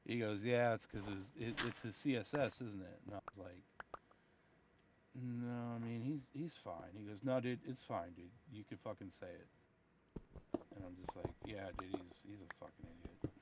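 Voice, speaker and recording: A tired man, a software developer, ranting about work with heavy swearing in a casual voice-chat conversation. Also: lowish voice, normal speed, noisy background. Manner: profane, ranting, retells dialogue. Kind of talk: casual chat over voice call.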